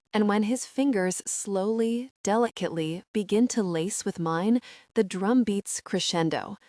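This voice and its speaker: A woman's voice: medium pitch, no echo. Woman narrator, emotional first-person romance read, dry close studio sound. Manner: intimate, emotional reading. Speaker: audiobook narrator.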